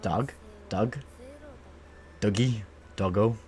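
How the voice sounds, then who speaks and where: Midwestern guy streaming games, deep voice, rambly chill chat, bit of faint noise. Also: drawn-out words, darkish tone. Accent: Midwestern American, Ohio-leaning. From Illinois, USA. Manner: rambling, filler-heavy, easygoing. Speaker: game streamer. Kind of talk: casual chat while streaming.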